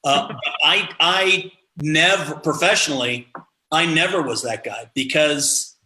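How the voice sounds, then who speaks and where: Middle-aged Midwestern comic, animated raconteur, bright forward tone. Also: male voice, on the high side, slow, roomy sound, poor audio. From American Midwest. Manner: animated, acts out quoted voices. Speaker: podcast guest, comedian. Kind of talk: casual storytelling chat.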